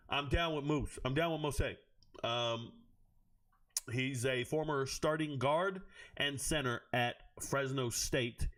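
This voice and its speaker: A man with a high-pitched voice hosts a casual livestream, reading chat and firing off crude jokes. He jumps quickly from one comment to the next in animated trash talk. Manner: loud, profane, joking trash talk.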